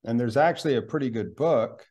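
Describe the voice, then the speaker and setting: A man hosting a podcast interview, speaking in an animated, teacherly way about mindfulness and sometimes slipping into a guided-meditation delivery. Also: medium pitch, brisk.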